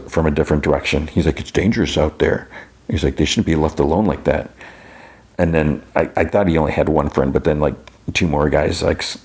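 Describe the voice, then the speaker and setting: A podcast host talks through an episode in a relaxed, rambling way. His voice sits very low, and he leans on fillers and restarts as he retells scene after scene. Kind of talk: casual episode recap.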